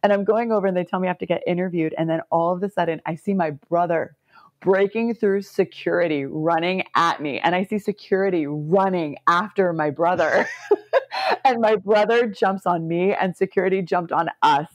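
A woman in her forties tells her story with lots of laughter and lively, swooping acted-out quotes. Her voice sits a little low for a woman. The recording is close and dry. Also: normal speed, no room sound. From United States. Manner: animated, laughs often, acts out quotes. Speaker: Olympic swimmer guest. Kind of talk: storytelling in a podcast interview.

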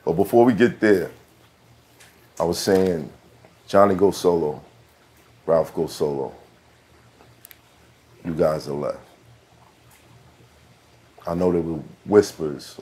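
A man's voice: sits low, slow pace, pauses often, warm tone. A man hosting a podcast, asking questions in a loose, conversational way full of fillers. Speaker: podcast host. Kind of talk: casual interview chat.

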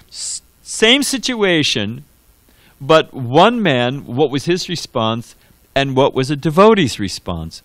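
A man's voice: on the high side, sing-song, slow, a bit bright, no room sound. A man giving a scripture class in a conversational, digressive storytelling manner, full of restarts and asides. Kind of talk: sermon. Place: temple hall.

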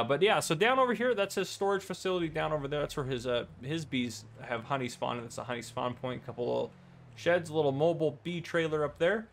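A man's voice: fairly high pitch, creaky, fairly bright tone. A man casually commenting on his farming game, easygoing and rambling with lots of fillers. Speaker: gameplay channel host.

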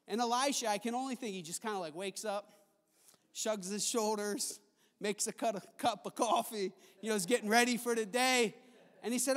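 A man preaching a sermon in a chapel, impassioned, moving between soft stretches and loud ones. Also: sits high, normal speed. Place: large chapel hall. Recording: long hall reverb.

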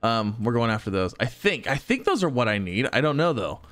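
Lively excitable young man gaming. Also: mid-range voice, a little fast. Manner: excitable, talks to enemies, chuckles often. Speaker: gaming YouTuber. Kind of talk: let's play commentary.

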